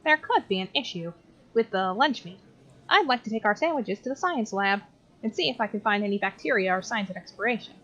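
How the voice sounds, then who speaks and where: A woman's voice: mid-range voice, lively intonation, fairly quick, sharp tone, lo-fi sound. A woman voicing a nerdy teenage boy who speaks in formal, scientific terms.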